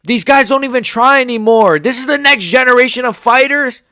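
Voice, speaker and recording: A man's voice: very high voice, a little fast, sharp tone, no echo, clean studio sound. A man in his forties giving a heated, sarcastic reaction rant full of swearing. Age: 40s. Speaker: MMA commentator.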